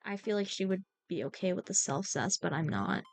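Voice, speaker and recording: A young woman streaming a game, reading its lines aloud and chatting in a giggly, scattered, excitable way. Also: mid-range voice, brisk, soft background music.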